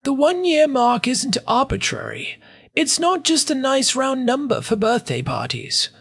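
Wry husky-voiced podcast co-host. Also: sits high, wildly swooping pitch, a little slow, a bit bright, no echo. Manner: wry, joking asides. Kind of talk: casual podcast chat.

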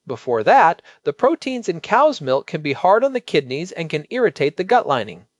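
Lively high-pitched man explaining calmly. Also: dry recording, highs cut off. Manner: measured, explanatory, emphatic on key points. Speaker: pediatric expert co-host. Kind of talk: explanatory podcast chat.

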